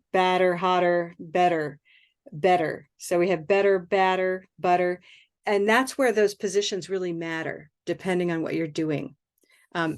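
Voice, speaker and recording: A woman teaching English pronunciation in a live online lesson, upbeat, modeling syllable rhythm in chants and often laughing between prompts, heard through a computer mic on a video call. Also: medium pitch.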